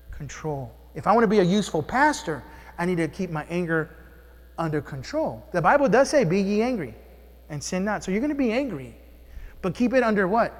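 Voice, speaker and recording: High-voiced pastor preaching in a reverberant hall. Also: male voice. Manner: conversational preaching with call-and-response questions. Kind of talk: sermon. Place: church sanctuary.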